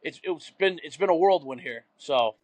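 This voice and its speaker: A man's voice: on the high side, expressive, moderate pace, no room sound. A young man, a podcast guest telling rambling, profane stories in casual chat.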